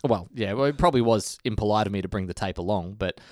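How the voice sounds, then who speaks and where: This Australian podcast host, chatty and fond of quick impressions, works through listener mail in a relaxed conversation. His voice is on the low side and a little mellow, recorded cleanly in a studio with no room sound.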